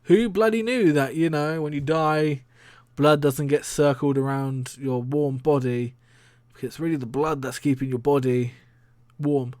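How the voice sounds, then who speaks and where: A man talks on his own stream in a loose, rambling way, laughing often and swearing without a second thought. His voice sits a little high for a man. The sound is dry and close. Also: steady tone, a little slow, a little mellow, dry recording. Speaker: streamer and podcast host. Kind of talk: casual solo stream talk.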